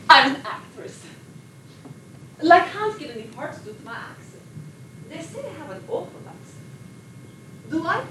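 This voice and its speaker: A sleepless Polish actress. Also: female voice, sits high, sing-song, normal speed, pauses often, fairly bright tone. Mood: chatty. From Poland. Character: sleepless Polish émigré actress, chatty and self-promoting. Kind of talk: film monologue. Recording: echoey room, distant mic, background noise.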